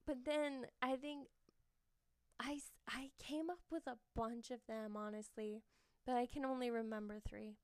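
A young woman hosting a podcast, telling stories in a candid, lively way, laughing often and swearing freely. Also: high voice, a little slow, clean tone, dry recording, clean studio sound. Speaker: podcast host. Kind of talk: casual confessional chat.

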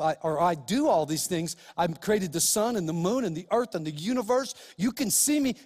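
A man's voice: high-pitched, big-room sound. A pastor preaching a sermon, emphatic and speaking straight to his listeners with rhetorical questions.

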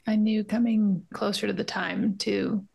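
A woman's voice: mid-range voice, level tone, measured pace, vocal fry, a little mellow, husky. A woman co-hosting a podcast from her home art studio, talking in a candid, self-searching way with tender, trailing asides. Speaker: podcast co-host. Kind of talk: casual reflective conversation.

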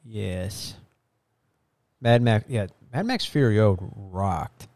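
A man's voice: lowish voice, lively intonation, takes it slowly, darkish tone, no echo, clean studio sound. A man co-hosting a podcast in a joking, rambling casual chat, laughing often. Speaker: podcast co-host.

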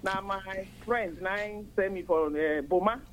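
An older woman from Nigeria with a Nigerian accent, calling in to a radio chat and explaining at length, earnest and steady. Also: medium pitch, a little slow. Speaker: caller.

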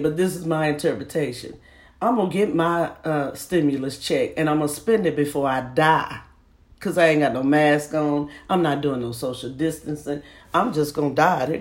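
Laughing chatty woman telling a story. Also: low voice. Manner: animated, laughing, playful exclamations. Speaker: podcast host. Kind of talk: casual storytelling monologue.

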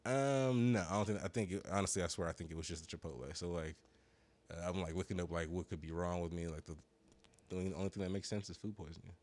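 A man telling a long, profane story in casual podcast chat, rambling, full of slang and sounding high. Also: steady tone, fast talker, darkish tone. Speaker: podcast co-host.

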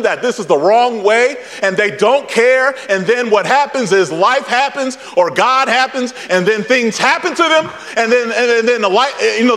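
A young male pastor preaching a sermon in a high, swooping voice that rises into shouts and repeats itself for emphasis. His voice rings out with a long reverb, as if he is in a large church hall. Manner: animated preaching with shouted peaks and repetition.

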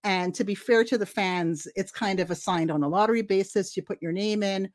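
A woman's voice: mid-range voice, fairly quick, a little mellow. A woman from Trinidad in her forties tells a personal story at an easy pace. She talks animatedly and acts out the other people in it. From Trinidad and Tobago. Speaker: guest storyteller. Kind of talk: casual storytelling.

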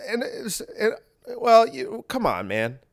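Brief: a man doing a flustered elderly male politician who stammers and loses his words, pushed up high. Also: huge pitch swings, full character voice. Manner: halting, stammering, trailing off.

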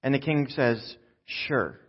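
A man delivers a sermon in a slightly husky voice, bringing a scripture story to life by acting out the characters. The recording sounds a little dull and lo-fi. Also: mid-range voice, normal speed. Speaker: pastor.

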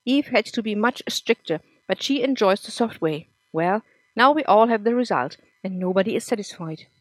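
A woman's voice: mid-range voice, expressive, normal speed, no room sound, natural voice. A woman reading the lines of a spiteful, cruel woman who taunts and sneers, in a dry close recording. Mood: taunting.

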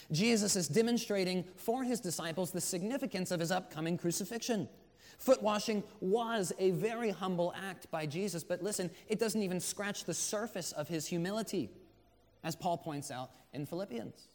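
A man preaching a sermon as pastor, earnest and conversational, rising to emphatic swells. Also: sits high. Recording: long hall reverb.

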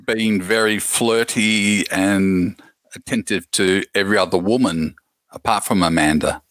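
A man's voice: lowish voice, unhurried, fairly bright tone, dry recording. A man co-hosting a podcast, chatting casually and wryly about a reality show, agreeable and easygoing. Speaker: podcast co-host.

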